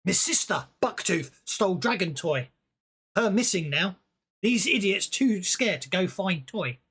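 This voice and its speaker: A game master voicing a bossy male goblin king who talks in loud, broken pidgin speech. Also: medium pitch, lively intonation, measured pace, husky, voice pushed up, heavily acted. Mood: demanding.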